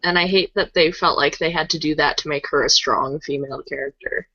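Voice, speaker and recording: A woman's voice: sits low, steady tone, a little fast, bright, forceful tone, breathy edge, dry recording. A woman co-hosting a podcast, speaking casually and hesitantly, often unsure of herself. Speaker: podcast co-host. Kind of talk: casual discussion. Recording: dry, dull lo-fi audio.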